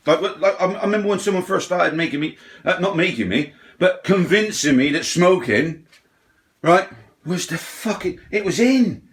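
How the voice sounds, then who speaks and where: A man's voice: high voice, very animated, moderate pace, fairly bright tone. A middle-aged man rants bluntly, his slightly raised voice peppered with swearing and mocking impressions of other people. He talks in a loose, rambling way, with frequent asides to the listener. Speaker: ranting vlogger. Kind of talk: profane rant.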